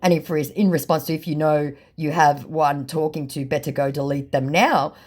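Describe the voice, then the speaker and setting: A woman's voice: low voice, steady tone, normal speed, darkish tone. A woman casually telling a story, with dry, sarcastic amusement. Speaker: vlogger reading scam chats. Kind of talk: casual chat.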